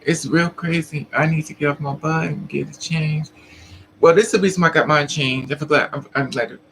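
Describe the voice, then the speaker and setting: A trans woman vlogger casually tells a story to her live chat, laughing often and acting out the other people's lines in a chatty way. Her deep voice holds a steady tone at a moderate pace, with slight background noise on a low-quality recording.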